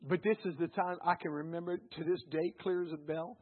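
A man's voice: fairly high pitch, steady tone, fairly quick. A man preaching a sermon, exhorting his congregation in repeated phrases and calling on them to say words back. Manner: exhorting, repetitive. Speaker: pastor. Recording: tinny phone-like recording.

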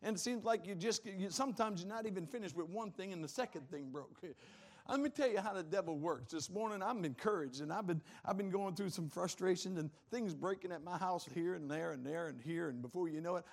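High-voiced and animated, a man delivers a sermon as pastor, firing question after question at his congregation and frequently laughing.

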